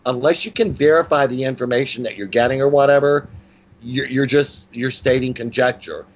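A man's voice: medium pitch, normal speed, lo-fi sound. A man in his sixties, a psychic guest in a casual interview, talking in a blunt, playful and self-mocking way. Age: 60s.

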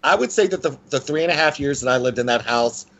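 Male guest, lively conversational storyteller with a mid-range voice. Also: fast talker, dull audio. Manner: animated, with frequent pitch swings and restarts.

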